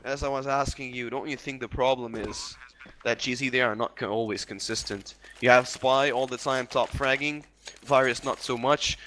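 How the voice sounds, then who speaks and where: A man casting a competitive shooter match as play-by-play commentator, excitable and rising on big plays. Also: mid-range voice, moderate pace. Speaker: esports caster. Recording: noisy stream with game gunfire behind. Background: game sounds, gunfire.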